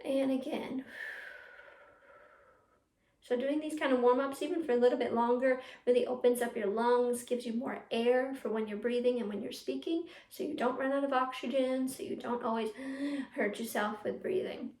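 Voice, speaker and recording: A young woman teaching a youth theatre class from home, coaching the viewer through breathing warm-ups and practice lines. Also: fairly high pitch, fairly even intonation, brisk. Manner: encouraging, talks straight to the viewer, leads breathing drills. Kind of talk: virtual class to children at home. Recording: echoey room.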